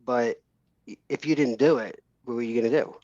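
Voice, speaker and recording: A man's voice: medium pitch, fairly even intonation, a little fast, warm tone, no echo, dull audio. A middle-aged man with a New York accent, talking candidly and loosely as an interview guest, often restarting his sentences. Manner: candid, rambling with restarts and laughs. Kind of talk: casual interview.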